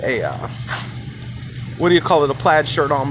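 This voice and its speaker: A man's voice: on the high side, very animated, moderate pace, music in the background. A man casually telling a story, rambling with fillers and asides. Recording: noisy background.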